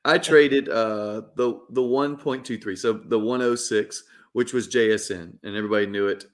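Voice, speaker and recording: A man with a low-pitched voice co-hosting a casual podcast. He explains things in a methodical, detailed way, laying out each step in plain terms. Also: steady tone, normal speed. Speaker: podcast co-host.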